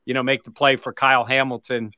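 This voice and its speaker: A man's voice: mid-range voice, flat delivery, fast talker, bright, forceful tone, no room sound. A man hosting a football talk segment, leading the chat and putting questions to his co-hosts. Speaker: sports show host. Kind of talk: sports talk discussion.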